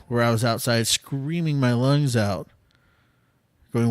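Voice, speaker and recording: A man's voice: medium pitch, smooth, no room sound, studio quality. A man hosting a podcast, giving an earnest devotional talk with casual fillers that builds to impassioned pleading. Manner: slow, earnest, rising to impassioned intensity; conversational with fillers and restarts. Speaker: podcast host.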